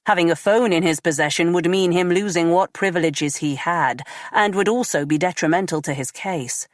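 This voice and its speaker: A woman narrating a crime audiobook in a measured, even read. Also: fairly low pitch, no room sound, studio quality.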